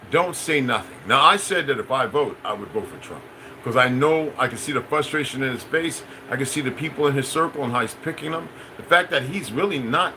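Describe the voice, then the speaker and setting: A man with a bright, forceful voice hosts a casual livestream. He wanders from point to point, circles back and repeats himself, and keeps calling out to the viewers. There is a faint hum of room noise behind him. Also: medium pitch, rough recording. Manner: loose, meandering, repeats phrases, addresses viewers as y'all. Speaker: livestream host. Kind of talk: rambling livestream monologue, answering chat.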